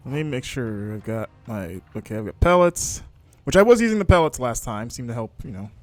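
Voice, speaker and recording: Teasing man with a lively voice. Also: medium pitch, fairly quick, soft background music. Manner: teasing, laughs often. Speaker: co-host and player of a gaming stream. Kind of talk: casual joking chat while playing and eating hot wings.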